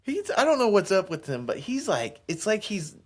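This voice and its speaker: A young man in a casual podcast chat, telling excitable stories, laughing and saying bro and dude. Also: high-pitched, normal speed.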